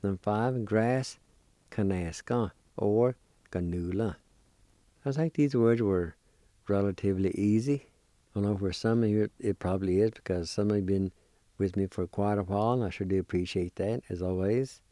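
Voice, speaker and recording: A man gives a patient vocabulary lesson, spelling each word letter by letter and saying it slowly. His voice sits a bit low, with a warm, mellow tone. The recording is close and dry. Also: no echo. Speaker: language teacher. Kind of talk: slow spelling and pronunciation lesson.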